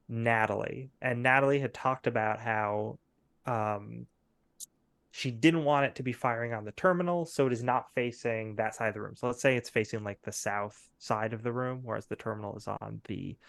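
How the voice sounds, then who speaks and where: A man's voice: mid-range voice, gravelly, a bit bright, no echo. A man narrating as game master of a tabletop game, rambling with many fillers and laughing often.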